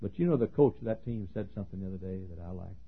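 A husky male pastor preaching a folksy, joking sermon that swings from hushed talk to shouting. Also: sits low, lively intonation, racing. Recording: tinny lo-fi sermon recording.

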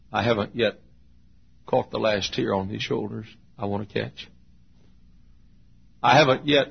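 A male pastor preaching a sermon with emotional storytelling, swinging from hushed tones to shouts. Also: fairly low pitch, vocal fry, breathy edge. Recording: dull lo-fi sermon recording.

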